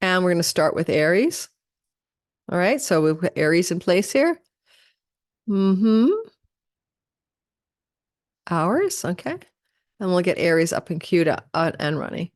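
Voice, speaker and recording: Chatty woman astrologer rattling off a forecast fast, lowish voice, dry close mic. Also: animated, no room sound. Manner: fast, chatty, self-correcting, talks quickly like an auctioneer. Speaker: astrology channel host. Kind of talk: live-streamed astrology forecast.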